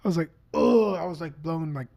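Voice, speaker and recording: A man who is a podcast guest, telling a story in casual chat, animated and profane, acting out what people said. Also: on the high side, quick pace.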